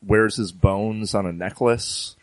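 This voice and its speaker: A man's voice: lowish voice, steady tone, slow pace, dry recording. A man in a casual podcast chat, making laid-back, dry remarks.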